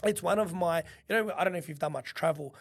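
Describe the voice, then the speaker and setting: An Australian man tells his stories as a podcast guest, rattling along at a rapid clip. His voice sits a little high, and he swears freely while acting out what others said. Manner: animated, swears freely, acts out quotes. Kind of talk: casual storytelling.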